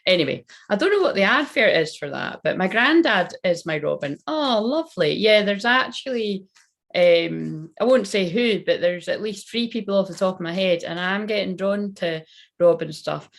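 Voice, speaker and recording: A woman's voice: medium pitch, lively intonation, normal speed, creaky. A young Scottish woman doing a tarot reading on a casual livestream, chatty, rambling and swearing now and then. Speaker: tarot reader.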